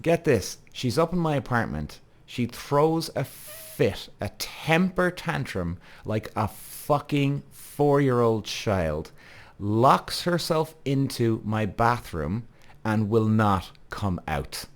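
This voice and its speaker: A man's voice: medium pitch, lively intonation, slow. A man in his thirties tells a story on his own podcast in a loose, conversational monologue. He is blunt and swears freely. He keeps turning to the listeners with direct asides. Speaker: podcast host.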